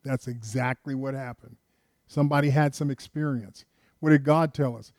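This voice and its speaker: A man's voice: medium pitch, fairly even intonation, normal speed, darkish tone, no echo, studio quality. An older man preaching a sermon with emphasis, often putting questions to his congregation. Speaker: pastor.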